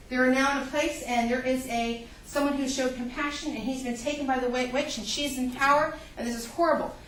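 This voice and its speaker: A high-voiced woman lectures a college literature class, animated and full of rhetorical questions. She sounds distant from the mic, and her voice rings around an echoey classroom with a faint hum underneath. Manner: animated, asks the class rhetorical questions, acts out readers' reactions.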